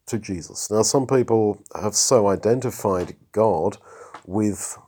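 Mellow, husky man preaching. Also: on the low side, slow. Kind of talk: sermon.

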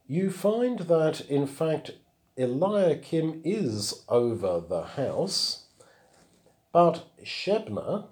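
Male Bible teacher, mellow tone, reads verses aloud and then explains them. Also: mid-range voice.

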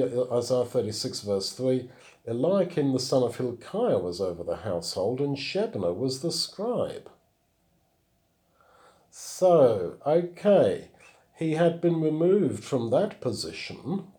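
Male Bible teacher, mellow tone, reads verses aloud and then explains them. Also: medium pitch, sing-song, unhurried.

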